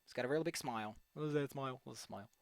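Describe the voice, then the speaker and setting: A man's voice: mid-range voice, racing, creaky, dry recording. A young man rambling goofily as he draws on a stream, repeating words playfully and joking to himself. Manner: goofy, rambling, playful repetition. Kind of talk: casual commentary while drawing.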